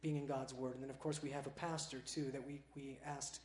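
A man's voice: mid-range voice, level tone, brisk, a little mellow, roomy sound, slight background noise. A man from Southern California, a touring Christian musician, answering questions on stage in an eager, laid-back way. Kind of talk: casual on-stage interview.

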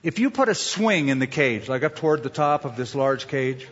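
A man's voice: mid-range voice, expressive, moderate pace, fairly bright tone. A male pastor giving a conversational sermon with humor, repeating his tips for emphasis. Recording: dull echoey hall sound.

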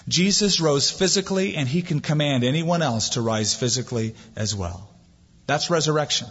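A man's voice: a little high, animated, normal speed, a bit bright, slightly rough. A man preaching a sermon as pastor, building emphasis and reading scripture aloud. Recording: dull lo-fi sound with long hall reverb.

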